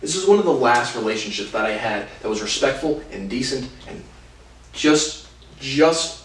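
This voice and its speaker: A man's voice: mid-range voice, animated, a little hiss or hum. Agitated swearing man in a roomy room. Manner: profane, agitated, heavy swearing; halting restarts. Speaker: vlogger. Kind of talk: storytelling rant. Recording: roomy, distant mic.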